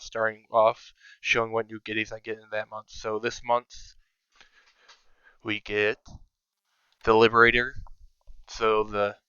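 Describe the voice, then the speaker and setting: A man's voice: on the low side, bright, forceful tone, clear, resonant tone, no room sound, highs cut off. A man giving casual, think-aloud commentary over his own strategy game, sometimes counting under his breath. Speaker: strategy game video creator.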